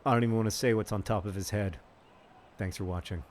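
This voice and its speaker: A man hosting an advice segment while playing a football manager game, rambling and halting when reflective and bursting into loud, frustrated outbursts at the match. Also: on the low side, steady tone, slight background noise. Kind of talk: casual commentary over gameplay.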